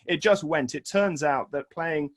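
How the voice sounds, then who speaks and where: A man in his forties tells a personal story to an audience on a video call, in a voice pitched a bit higher than most men's. He is self-deprecating and animated, and his voice jumps up sharply when he acts out his own past outbursts. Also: measured pace. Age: 40s.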